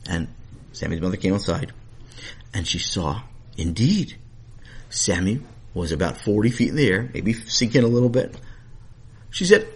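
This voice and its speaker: A man telling a children's story with animated, playful narration and asides to the listener. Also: fairly low pitch, normal speed, pauses often, husky.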